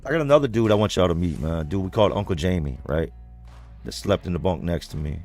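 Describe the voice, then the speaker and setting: A deep, low-voiced man talks fast and expressively as he reads comments and tells his livestream viewers a story. He's blunt, conversational, and swears a lot, with faint soft music in the background.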